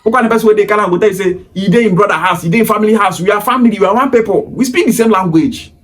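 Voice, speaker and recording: Nigerian guy w pidgin accent ranting fast, keeps repeating his point, kinda high voice. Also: fairly bright tone. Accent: Nigerian Pidgin-inflected English. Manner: emphatic, repetitive, lecturing. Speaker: commentator. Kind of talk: opinion monologue.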